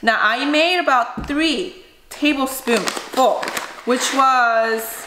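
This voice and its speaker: A woman's voice: high-pitched, slow. A woman cooking vlogger chatting casually to camera, showing things and addressing her viewers directly. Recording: echoey room, faint noise.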